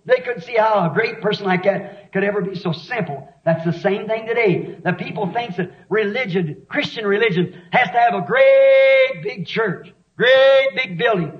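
High-voiced fervent male preacher, echoey hall. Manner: fervent, rapid preaching with rising shouts. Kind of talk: sermon. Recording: echoey dull lo-fi sermon recording.

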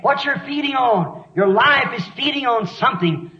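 A man preaching a sermon with fervent, rapid delivery that rises into shouts. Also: very high voice, lively intonation. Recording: echoey dull lo-fi sermon recording.

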